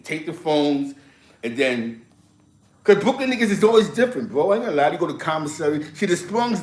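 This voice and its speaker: A man's voice: on the high side, reverberant. A man with a New York accent telling stories in a casual, slangy way, often breaking into laughter. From East Harlem, New York. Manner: laughing, slangy, animated storytelling. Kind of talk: casual storytelling.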